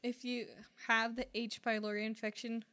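A woman's voice: on the high side, level tone, normal speed, fairly bright tone. A woman co-hosting a casual health talk, giving short reactions and passing on viewer questions. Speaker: co-host.

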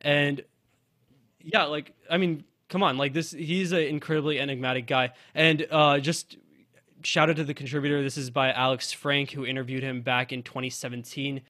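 A man's voice: mid-range voice, flat delivery, normal speed, pushed and bright, no echo, studio quality. A man who co-hosts a college radio podcast, chatting loosely about music with lots of fillers and restarts. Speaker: college radio sports director and podcast co-host.

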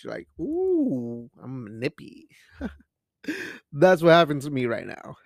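A man's voice: mid-range voice, vocal fry, dry recording, clean studio sound. A man hosting a casual solo podcast, rambling and joking with lots of swearing and Spanish phrases, sipping beer as he talks. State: drinking beer while talking. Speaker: podcast host.

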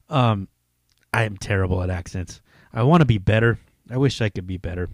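A man's voice: mid-range voice, sing-song, brisk, a bit bright, no echo, studio quality. A man hosting his own podcast, talking casually in a rambling, heavily profane and enthusiastic way. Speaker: podcast host. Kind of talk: casual solo podcast talk.

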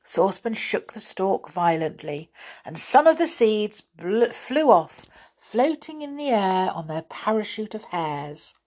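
A woman reading a children's storybook aloud as the storyteller, in an expressive, lively way. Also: medium pitch, measured pace.

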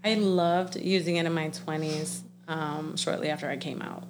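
A woman's voice: deep voice, steady tone, normal speed, background noise. A woman in her thirties from Puerto Rico with a Puerto Rican accent, co-hosting a podcast in casual, playful chat. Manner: playful, slangy, switches into Spanish. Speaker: podcast co-host.

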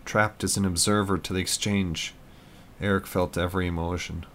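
Deep-voiced man reading a story. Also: fairly even intonation, normal speed, fairly bright tone, slight background noise. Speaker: narrator. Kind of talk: audiobook narration.

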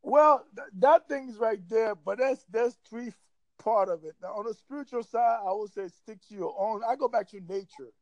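A man's voice: high-pitched, moderate pace, dry recording, lo-fi sound. A man in casual chat, ranting in a heated, emphatic and profane way.

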